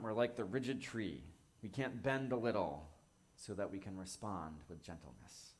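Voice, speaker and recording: Gentle, low-voiced male minister. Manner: gentle, measured, reflective. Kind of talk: sermon.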